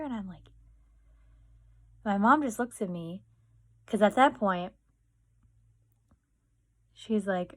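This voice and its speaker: A woman's voice: mid-range voice, moderate pace, pauses often. A young woman vlogging, telling family stories in a chatty way full of fillers and acted-out quotes. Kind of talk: casual storytelling.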